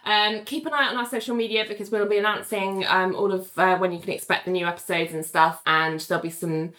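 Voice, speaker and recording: A woman's voice: medium pitch, steady tone, quick pace, a bit bright. A British woman co-hosting a podcast, chatting and reading listener reviews aloud, with frequent fillers and laughs. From Britain. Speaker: podcast co-host.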